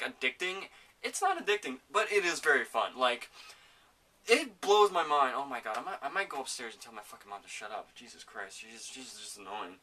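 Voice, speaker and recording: Bright-voiced swearing young podcaster. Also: male voice, medium pitch, far from the mic. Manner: rambling and excitable, swears often. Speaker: podcast host. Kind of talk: casual gaming chat. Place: home.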